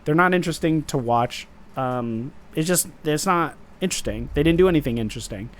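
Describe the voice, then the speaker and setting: A man's voice: on the high side, brisk. A man co-hosting a podcast, recapping a show in casual chat and acting out characters' lines with laughs. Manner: animated, acts out lines with laughs. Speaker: podcast co-host.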